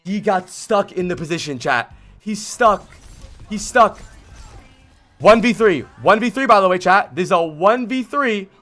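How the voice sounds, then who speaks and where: A man streaming a gameplay vod review, blunt and exasperated, swearing and yelling at the player he coaches. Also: high-pitched, animated, unhurried, faint music behind. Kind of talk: livestream game vod review.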